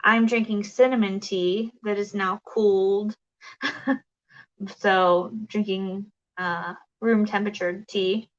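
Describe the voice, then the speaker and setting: Slow-talking chatty woman livestreamer. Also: medium pitch, fairly even intonation, dull audio. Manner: chatty, rambling, many fillers and restarts. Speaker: livestream crafting host. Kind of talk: casual livestream chat reading comments.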